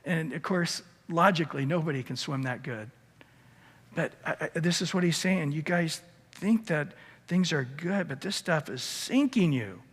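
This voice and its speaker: A man preaching in an earnest, conversational way, often stumbling over his words and starting again. His voice sits a little high for a man. The sound carries a long reverb from the church hall around him. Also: animated, normal speed, breathy edge. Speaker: pastor. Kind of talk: sermon. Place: church sanctuary.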